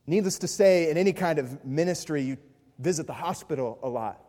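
A male pastor preaching a sermon, animated and swinging between loud mimicry and hushed earnest passages. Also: a little high, brisk. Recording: long reverb of a large hall.

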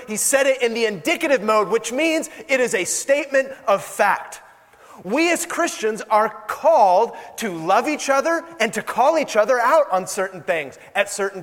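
A man's voice: sits high, fairly bright tone, big-room sound. A young adult man preaching a sermon in a conversational way, acting out quoted exchanges. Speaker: pastor.

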